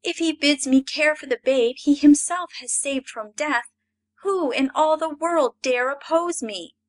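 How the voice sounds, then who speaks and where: A woman's voice: high voice, a little slow, pitched above the performer's own voice. A woman voicing a bold young female nymph in a storybook reading, speaking in a raised, earnest tone.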